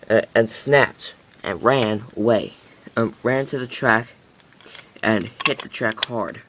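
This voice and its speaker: A man's voice: on the low side, noisy background. A man improvising narration of a toy train story, rambling with many restarts and fillers.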